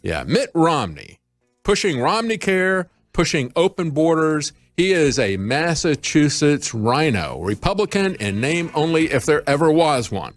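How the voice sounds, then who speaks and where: A man's voice: on the high side, big pitch swings, unhurried, no room sound, soft background music. A man hosting an opinionated news commentary show, sarcastic and emphatic, playing with words. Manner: sarcastic, emphatic, wordplay-heavy. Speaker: host.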